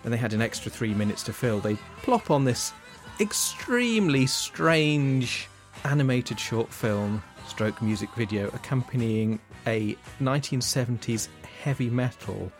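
A man's voice: on the low side, a little slow, soft background music. A man in his forties, a podcast co-host, chatting casually and correcting himself as he goes. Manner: rambling, self-correcting storytelling. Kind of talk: casual chat.

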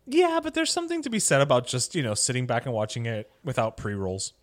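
Lively, animated male podcast co-host. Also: fast. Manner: animated, laughs often, jumps pitch when excited. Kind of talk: casual chat.

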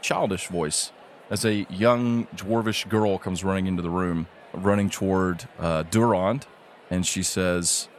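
A man's voice: low voice, fairly even intonation, a little slow, a little hiss or hum. A man narrating as game master of a tabletop game, in a hesitant, filler-heavy way.

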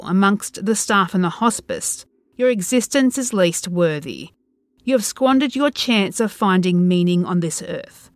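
A woman voicing a calm, lucid ancient entity that wants to steal a body, speaking in a soothing, coaxing way that sinks to a low hush. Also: dry recording.

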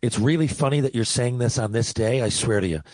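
Talkative sports radio co-host. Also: male voice, mid-range voice, brisk, darkish tone, dry recording, poor audio. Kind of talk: casual sports talk.

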